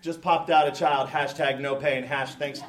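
A middle-aged man preaching a sermon to a congregation, animated and joking, with many restarts and acted-out quotes of parents. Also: medium pitch, normal speed. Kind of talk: sermon with humorous asides.

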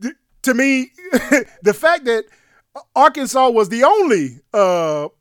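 A man co-hosting a casual sports talk show, with energetic, slangy banter and a quick laugh. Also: very high voice, no echo, studio quality. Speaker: co-host.

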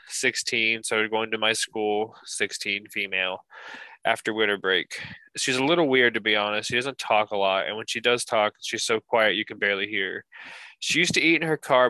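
A man's voice: fairly low pitch, bright, forceful tone, smooth, no echo, low-quality recording. A man hosting a podcast, chatting casually with friends and reading a listener's post aloud in a blunt, profane, joking way.

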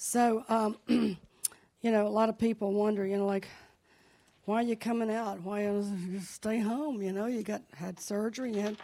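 A woman leads a church service in a sanctuary, her mid-range voice warm, fairly even, and at normal speed. Her conversational sermon shares family news through chatty anecdotes and testimony before rising into fervent prayer.

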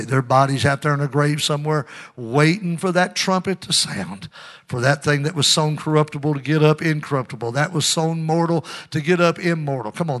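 A middle-aged man preaching a sermon to his congregation, calling for amens and swinging between loud emphasis and hushed asides. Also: fairly high pitch. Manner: call-and-response preaching, urging amens. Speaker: pastor.

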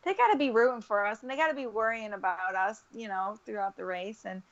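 A woman co-hosting a podcast in casual chat, acting out quotes with big swings in her voice. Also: fairly quick. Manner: animated, acts out quotes with big pitch jumps. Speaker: podcast co-host. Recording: dull lo-fi recording.

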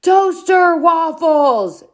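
Sleepy couch dad, woman reading him, mumbly, yells when it gets loud. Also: mid-range voice, normal speed, lightly acted. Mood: shouting. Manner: mumbling when calm, yelling back when loud. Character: sleepy, distracted father glued to the TV.

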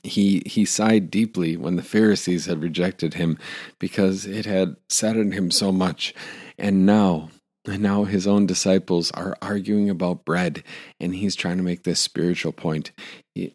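A man's voice: low voice, steady tone, measured pace, a little mellow. A man preaching a conversational sermon, with frequent fillers, restarts and light laughs. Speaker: pastor.

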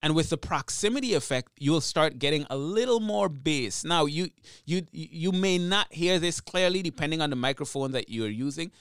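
A man talks through podcast recording tips in a chatty, explaining way, close to a studio microphone with a pop filter. His voice is smooth and clear, sitting a little high for a man. The sound is dry, with almost no room in it. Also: animated, normal speed, a bit bright, dry recording. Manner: chatty explaining, demonstrates mic technique. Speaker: podcast host. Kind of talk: instructional talk. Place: small home podcast studio.

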